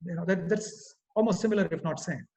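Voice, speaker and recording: A man's voice: high-pitched, a little fast, a little mellow, rough recording. A man whose first language is Telugu, speaking English with an Indian accent as a webinar speaker, explaining pronunciation with many fillers and self-corrections. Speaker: guest speaker. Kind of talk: online webinar talk. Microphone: home internet call mic.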